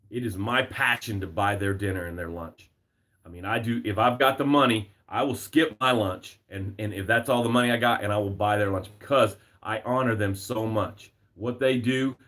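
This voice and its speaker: A man's voice: medium pitch, a bit bright. A man hosting a live motivational broadcast as a success coach, speaking emphatically in repeated phrases and reading viewer comments aloud. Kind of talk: motivational livestream talk. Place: home.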